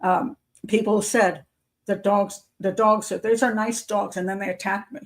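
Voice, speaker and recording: Older woman with a gravelly, creaky voice. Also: mid-range voice, steady tone, measured pace. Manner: rambling and chatty, with frequent fillers and restarts. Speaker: host of a live patron chat show. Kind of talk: casual live-stream chat.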